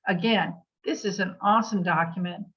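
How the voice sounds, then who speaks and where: A woman's voice: fairly low pitch, fairly even intonation, moderate pace. Plainspoken woman giving a legal briefing. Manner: plainspoken, with hesitations and emphatic asides. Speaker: legal update presenter for real estate agents. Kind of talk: briefing with answers to questions. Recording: dull lo-fi meeting recording.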